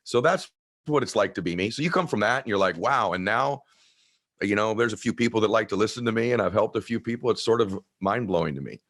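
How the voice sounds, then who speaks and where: A man in his fifties with a deep, low voice. He tells personal stories in an earnest, heartfelt way, as a guest in a conversation. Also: expressive, fast talker, fairly bright tone. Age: 50s.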